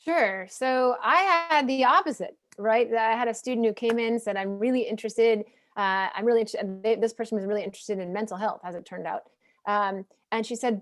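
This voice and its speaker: A woman sharing a story about a student in a relaxed, conversational talk over a video call. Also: a little high, a little fast. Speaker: speaker.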